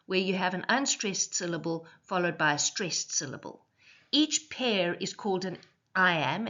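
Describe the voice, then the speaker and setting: Measured woman teaching poetry. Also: fairly low pitch, a bit bright, highs cut off. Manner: clear, measured explaining, slows to stress syllables. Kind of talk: recorded poetry lesson.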